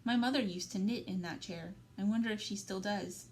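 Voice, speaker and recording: A woman reads a novel aloud, steady and even-paced, with quiet emotional weight on key phrases. Her voice sits at a middle pitch over a faint background hum. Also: a little fast, rough recording. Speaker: library story reader. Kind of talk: reading a young adult novel aloud.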